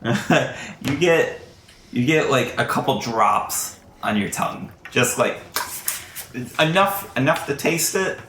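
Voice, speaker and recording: A game master narrating at an unhurried pace, easygoing and quick to laugh. His voice sits in the middle range and rings a little in an echoey room. A faint background hiss runs under it. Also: medium pitch, animated, fairly bright tone.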